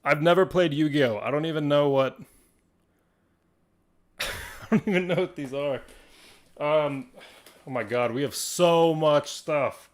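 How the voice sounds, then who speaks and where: A man hosting a live stream from a card shop, talking to viewers in an excitable, rambling way and laughing often. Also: fairly high pitch, measured pace, long pauses. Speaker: livestream host of a card shop.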